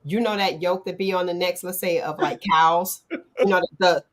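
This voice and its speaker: A middle-aged woman hosting a casual talk show, animated and acting out quotes in playful voices. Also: on the low side, moderate pace. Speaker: podcast host. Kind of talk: casual chat.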